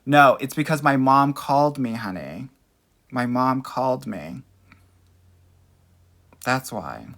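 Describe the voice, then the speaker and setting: A young man coaching on dating in a loose livestream chat. He talks in an unhurried drawl, sassy and teasing, with pet names for everyone. His voice sits at a middling pitch. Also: expressive, creaky, a bit bright. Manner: sassy, playful, calls viewers honey and girl. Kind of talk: casual livestream Q&A.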